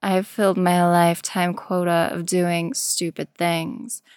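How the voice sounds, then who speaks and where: A woman voicing a young man who speaks softly and lightly, matter-of-fact and eerily detached, in a storybook reading. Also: fairly low pitch, fairly even intonation, a little slow, creaky, no echo, studio quality. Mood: calm detached.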